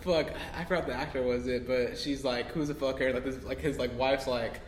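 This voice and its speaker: A man's voice: medium pitch, steady tone, a little fast. A man co-hosting a podcast who chats casually, laughs a lot and acts out quotes. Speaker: podcast co-host. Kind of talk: casual chat. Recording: roomy hall with faint noise.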